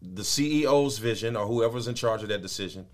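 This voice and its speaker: A man preaching a sermon, moving from low, quiet explaining to high, loud, shouted peaks. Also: a little fast, soft background music.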